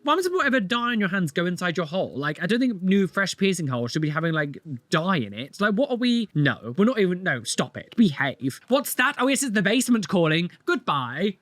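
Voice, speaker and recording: A man's voice: high-pitched, sing-song, brisk, hardly any pauses, a bit bright, no room sound. A British man in his twenties, a piercer reacting to videos with sarcastic, exasperated commentary. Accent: British English. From United Kingdom.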